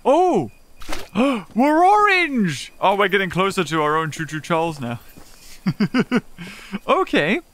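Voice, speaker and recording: A man playing a horror game and commenting on it, excitable, often gasping and laughing and reading in-game notes aloud. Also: high-pitched, a little hiss or hum. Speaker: gaming YouTuber. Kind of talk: let's play commentary.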